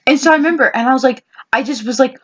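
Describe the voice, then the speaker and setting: A woman's voice: high-pitched, racing, fairly bright tone. Rambling young woman, lo-fi podcast audio. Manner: rambling, many restarts and quoted asides. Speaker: podcast co-host. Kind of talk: casual chat between best friends.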